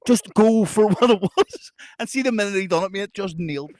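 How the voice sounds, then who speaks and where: Animated storytelling man, laughing, swearing. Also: high voice, fast talker, no echo, studio quality. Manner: animated, laughs through stories, swears freely. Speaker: podcast co-host. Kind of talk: casual storytelling chat.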